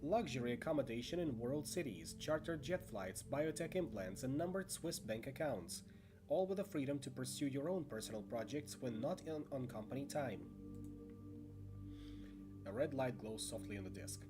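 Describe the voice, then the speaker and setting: A man narrates a tabletop horror game as game master, his pitch rising and falling with animation. He breaks off for chatty asides and trips over names. Music plays steadily underneath. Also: animated, normal speed.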